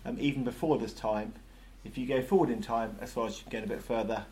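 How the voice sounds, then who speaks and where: A man leading an interactive Bible study, lively and jokey, asking the group questions. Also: mid-range voice, quick pace.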